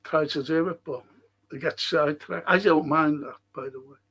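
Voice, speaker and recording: A man's voice: moderate pace, fairly bright tone, husky. Ranting Scouse man, swearing freely. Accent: Liverpool (Scouse). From Liverpool. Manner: ranting, swears freely, voice jumps much higher when heated. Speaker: show host. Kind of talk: casual monologue.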